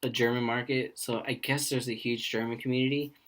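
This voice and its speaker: A man's voice: medium pitch, little pitch movement, brisk, a bit bright. A young man co-hosting a casual podcast, telling rambling work stories and acting out the people in them. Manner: rambling storyteller who acts out quoted voices. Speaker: podcast co-host.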